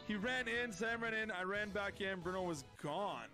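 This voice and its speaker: A man streaming a social deduction game, talking excitedly, often shouting and repeating himself. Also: sits high, moderate pace, soft background music. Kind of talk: excited gaming commentary.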